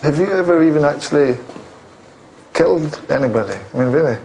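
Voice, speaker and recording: An actor playing a foul-mouthed, combative political spin doctor in a film, firing off sarcastic put-downs. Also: male voice, on the high side, expressive, a little fast, gravelly, a little mellow, slight background noise. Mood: sneering. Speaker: film character in a clip.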